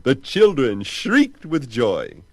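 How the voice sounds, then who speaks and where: Slow, lively male storybook narrator. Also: medium pitch, over music. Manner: expressive, theatrical reading.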